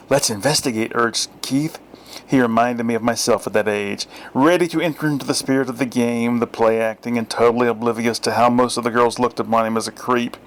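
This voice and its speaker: Dry, deadpan middle-aged male storyteller. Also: mid-range voice. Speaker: author reading his story. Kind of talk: first-person story reading.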